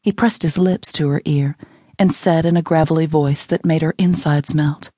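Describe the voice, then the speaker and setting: Low-voiced woman narrating romance. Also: fairly even intonation, moderate pace, dark tone, dry recording, clean studio sound. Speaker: audiobook narrator.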